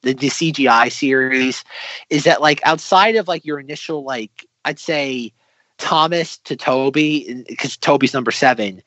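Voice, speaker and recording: A man's voice: mid-range voice, measured pace, a bit bright, no echo. A man chatting casually and enthusiastically, rambling with many fillers. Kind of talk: casual chat. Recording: dry, slightly dull sound.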